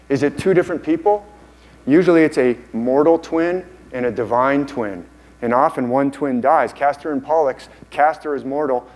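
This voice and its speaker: Male conference speaker, mid-pitched, enthusiastic, quick to rephrase. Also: a little mellow, rough recording. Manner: enthusiastic, repeats and restarts phrases. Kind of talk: conference lecture. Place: conference hall.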